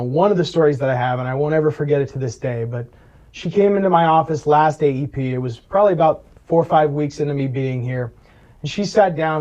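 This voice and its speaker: Storytelling man with a mellow voice. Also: a little high, poor audio. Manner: storytelling, acts out quoted voices, frequent "right?". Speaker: Medicare advisor, interview guest. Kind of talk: conversational interview.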